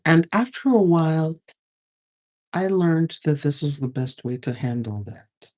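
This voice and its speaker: A woman with a warm, mellow voice telling a story from her working life. She talks in an animated way, often slipping into the voices of the people she describes. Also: low voice, measured pace. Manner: animated, acts out quoted exchanges. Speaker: advice host. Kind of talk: storytelling talk.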